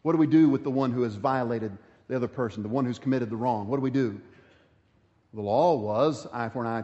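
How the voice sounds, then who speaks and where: A man's voice: medium pitch, a little mellow, big-room sound, highs cut off. A pastor giving a sermon, reading scripture aloud and stressing his points through repetition.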